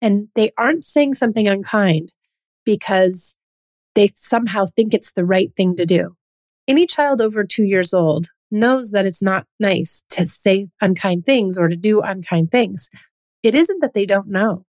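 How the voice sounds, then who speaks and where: A woman in her thirties hosting a solo podcast, explaining her views in an earnest, gently persuasive way. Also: medium pitch, unhurried, no echo. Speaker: podcast host.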